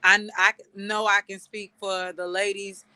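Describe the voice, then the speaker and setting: A woman moderating a casual panel, speaking encouragingly with many fillers and pauses. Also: mid-range voice, flat delivery, smooth, dry recording. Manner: warm, encouraging, halting with fillers.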